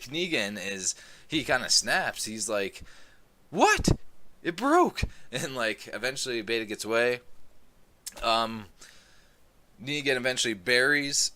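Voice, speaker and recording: A man casually recapping a comic book volume, rambling and filling gaps with "um" as he gets excited about the story. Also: mid-range voice. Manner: rambling, many "um"s, excitable retelling. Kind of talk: casual plot recap review.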